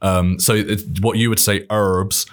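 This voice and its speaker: A man chatting casually, hesitant and quick to laugh. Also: lowish voice, expressive. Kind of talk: casual chat.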